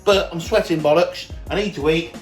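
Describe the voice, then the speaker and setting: A man's voice: a little high, normal speed, faint music behind. A young British man, a fitness coach, chatting casually and energetically through a day-in-the-life vlog, swearing freely as he goes.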